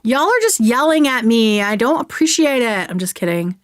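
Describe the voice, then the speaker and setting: Lively, excitable woman streamer. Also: a little high, normal speed, no echo, studio quality. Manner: chatty and excitable, swears casually. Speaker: livestream host. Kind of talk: casual livestream chat, reviewing makeup.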